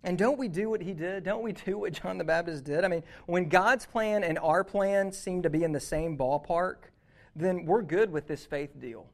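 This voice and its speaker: A young man preaching a sermon as a youth pastor, acting out inner dialogue with God in a lively, conversational way. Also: sits high, moderate pace.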